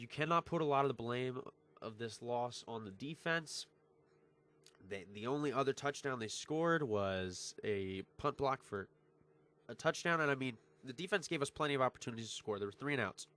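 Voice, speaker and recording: A man's voice: lowish voice, a bit bright. A young man in his teens giving a heated, frustrated football recap vlog, emphatic and repetitive, swearing freely. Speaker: vlogger, sports fan. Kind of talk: heated sports recap rant.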